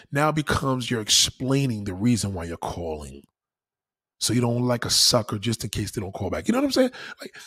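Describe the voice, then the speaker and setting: A man on his own channel, giving casual advice in an animated, preachy way, swearing freely. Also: mid-range voice, husky. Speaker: YouTuber.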